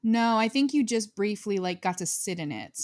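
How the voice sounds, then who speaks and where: Woman cohost, dry low-key way of talking, casual chat, reads posts out. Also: expressive, normal speed, a little mellow. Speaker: podcast co-host.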